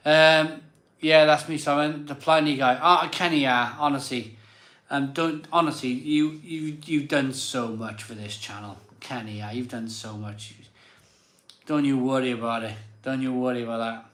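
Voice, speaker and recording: A man's voice: medium pitch, steady tone, moderate pace, fairly bright tone, roomy sound. A slightly drunk man, hosting a live beer show in rambling casual chat. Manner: rambling and self-doubting, many fillers and restarts. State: a bit drunk.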